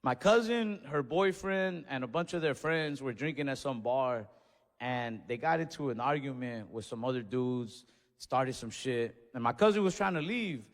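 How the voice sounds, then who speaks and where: A man doing stand-up storytelling on a comedy club stage, animated, acting out voices and yells. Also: medium pitch, normal speed. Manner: animated, acts out voices and yells in his stories. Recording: stage mic in a reverberant venue.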